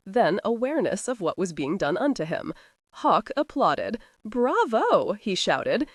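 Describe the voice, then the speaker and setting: A woman reads an audiobook as scripted narration, telling the story expressively. Her voice is on the low side, recorded with clean studio sound and no room sound.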